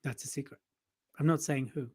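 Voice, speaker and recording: A man's voice: mid-range voice, fairly even intonation, a little fast, a little mellow, husky. A man cohosting a podcast in casual banter, teasing his partner and laughing often. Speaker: podcast co-host.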